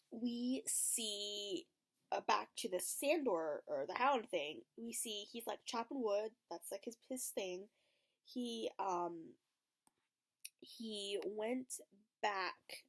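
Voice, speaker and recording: A young adult woman hosting a casual reaction video, recapping an episode and acting out the characters' lines. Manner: animated, acts out characters' lines with big pitch jumps. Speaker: YouTube reaction host.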